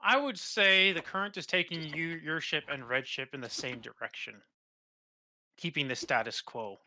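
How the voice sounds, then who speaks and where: A man narrating as game master for a tabletop role-playing game, halting and full of fillers and restarts. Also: on the high side, pushed and bright.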